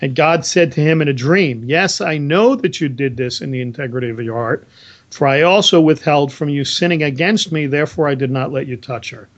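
A man's voice: fairly high pitch, fairly quick. A man co-hosting a Bible discussion, explaining verses earnestly and reading scripture aloud. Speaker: Bible study co-host.

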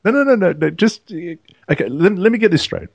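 A man's voice: high-pitched, very animated, fairly quick, vocal fry, breathy edge, dry recording, muffled recording. A man hosting a podcast conversation who interjects often and asks curious questions. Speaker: host.

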